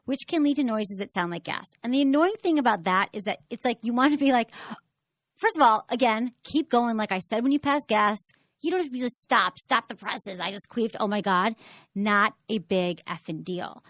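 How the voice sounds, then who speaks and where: A woman's voice: on the high side, animated, a little fast, no room sound. A woman hosting a sex advice podcast in casual, frank chat. She is chatty and often acts out the voices of the people she quotes.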